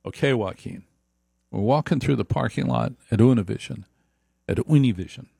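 A man's voice: mid-range voice, moderate pace, vocal fry, mellow, husky, dry recording, studio quality. A man giving an opinionated storytelling monologue, emphatic and repeating points for stress. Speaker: speaker.

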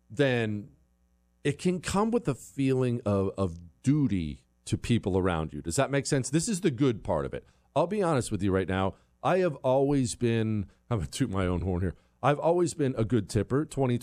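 A man hosting a talk show, delivering an opinionated, sarcastic monologue with loud outbursts and muttered asides. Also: medium pitch.

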